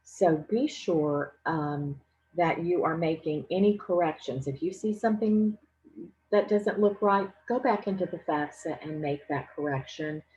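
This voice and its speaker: A woman giving a financial aid presentation, explaining each step clearly and patiently. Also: deep voice, unhurried, darkish tone, dull audio. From Louisiana. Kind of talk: instructional presentation.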